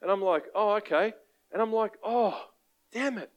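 An Australian man with a fairly high voice preaches a sermon, telling stories loosely and conversationally at a moderate pace. Lively and animated, he keeps checking in with the congregation and asking for amens. The sound is lo-fi.

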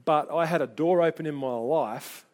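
A middle-aged man preaches with a fairly high voice that climbs and drops with his stories. He tells anecdotes in an animated way and briefly takes on the voices of the people in them. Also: moderate pace. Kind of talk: sermon with personal stories.

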